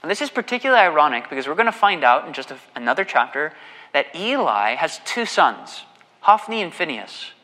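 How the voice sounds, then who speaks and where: A man preaches a sermon with an animated delivery that turns mocking when he retells the story. His voice sits high for a man and sounds bright and forceful. It carries the long echo of a large hall. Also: fairly quick. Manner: animated, mocking voice for quoted husband. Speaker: pastor.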